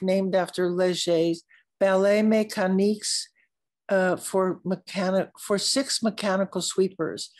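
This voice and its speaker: Older woman, unhurried storytelling, many restarts, occasional cough, mid-height voice. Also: mid-range voice, darkish tone. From United States. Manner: slow, searching, with frequent restarts. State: coughing at times. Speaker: artist speaking at a symposium. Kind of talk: unscripted conversation.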